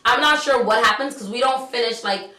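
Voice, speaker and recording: Animated New woman, high voice. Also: brisk, far from the mic, a little hiss or hum. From New York. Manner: animated, slangy, acts out dialogue. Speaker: vlogger. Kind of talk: casual storytime. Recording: roomy, set back from the mic.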